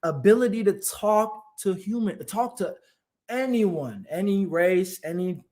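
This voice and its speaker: A young man from Atlanta talking as a podcast guest in casual conversation, an animated storyteller with fast bursts who laughs easily. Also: sits high. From Atlanta, United States.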